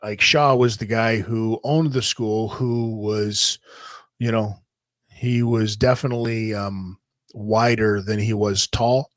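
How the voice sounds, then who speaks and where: A man telling a long story in a casual, profane, animated way, often repeating himself. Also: fairly low pitch, slow, no room sound, studio quality. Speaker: podcast host telling a wrestling story.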